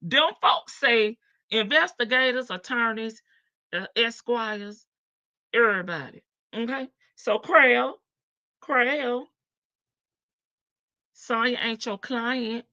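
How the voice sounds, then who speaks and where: A woman with a Southern US accent hosts a casual livestream in a slightly high, sharp-toned voice, speaking slowly and pausing often. Between pauses she gossips, laughs and teases her chat readers, all on dull, dry lo-fi stream audio.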